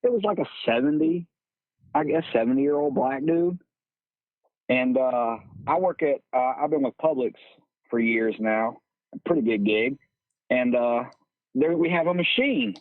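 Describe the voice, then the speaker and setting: A man hosting a casual podcast chat, animated and profane, calling everyone "bro". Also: medium pitch, unhurried, long pauses, no echo. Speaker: podcast host. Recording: tinny phone-like dry sound.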